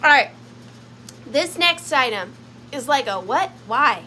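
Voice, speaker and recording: A young woman runs a casual home sale of vintage finds. Her voice sits high and bounces all over the place, bubbly and playful. A faint hiss of room noise lies underneath. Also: expressive, slow pace, sharp tone. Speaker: online vintage seller. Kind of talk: casual live sale chat.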